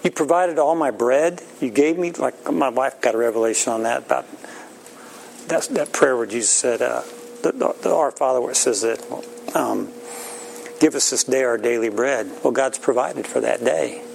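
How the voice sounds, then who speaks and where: Brief: middle-aged male pastor, folksy informal sermon, gravelly voice. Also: medium pitch, normal speed, a little hiss or hum, rough recording. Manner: folksy, plain-spoken, laughs often.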